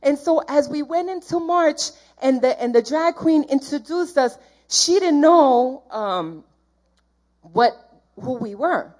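Woman, church testimony; fervent, rambling, unhurried delivery, slightly high voice. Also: animated, a little mellow. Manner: rambling, earnest, jumps around. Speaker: church member giving testimony.

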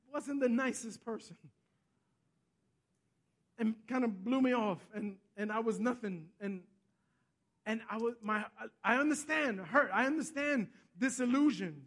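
Male pastor, sermon storyteller, very high voice, bright tone, hushed-to-loud delivery. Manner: storytelling, repeats himself, asks the congregation "Amen?"; swings between soft and loud.

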